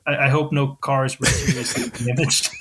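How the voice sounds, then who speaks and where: A man's voice: mid-range voice, little pitch movement, moderate pace, sharp tone, a little hiss or hum. A man from Missouri, a sports columnist, chatting as a podcast guest, rambling and correcting himself as he goes. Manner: rambling, self-correcting, chuckles often. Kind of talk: casual podcast interview.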